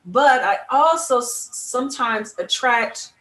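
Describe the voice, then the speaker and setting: Animated woman in an echoey room. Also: on the high side, slow pace. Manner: animated, emphatic, spiritual musing. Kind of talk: casual chat.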